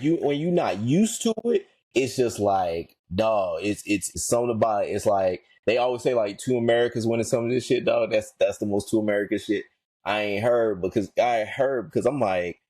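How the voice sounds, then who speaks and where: A man's voice: medium pitch, no room sound. A man co-hosting a casual podcast, slangy and emphatic, repeating himself for effect. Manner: animated, slangy, emphatic repetition. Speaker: podcast co-host.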